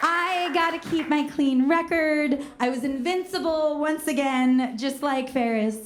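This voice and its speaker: A woman from Northern California telling a comedic personal story on stage, lively and self-mocking, acting out the voices she quotes. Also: high-pitched, a little slow, roomy sound, a faint crowd, slight background noise.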